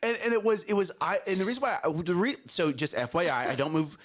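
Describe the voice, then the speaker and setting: A man co-hosting a morning show, chatting casually and telling lively stories about his young daughters, acting out their voices. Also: high voice, fast. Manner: animated storyteller, playful voices for his kids. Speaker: co-host.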